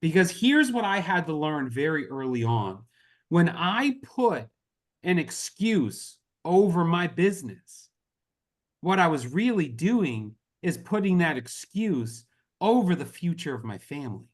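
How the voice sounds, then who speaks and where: A man's voice: a little high, big pitch swings, a little slow. Earnest impassioned man rallying a team. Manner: earnest, impassioned, repeats "y'all". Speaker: network marketing team leader. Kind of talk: motivational talk on a group call.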